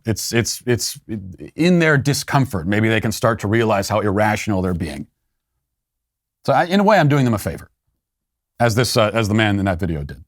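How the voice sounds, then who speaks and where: A man's voice: lowish voice, no echo, studio quality. A man hosting a commentary show, talking casually with sarcastic, wry asides. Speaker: podcast host.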